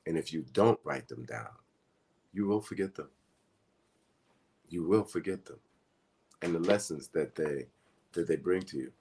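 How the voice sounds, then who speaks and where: A man with a very low voice gives a casual spiritual teaching. He talks in an earnest, conversational way that wanders from point to point. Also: lively intonation, a little slow, long pauses, a little mellow, slightly rough.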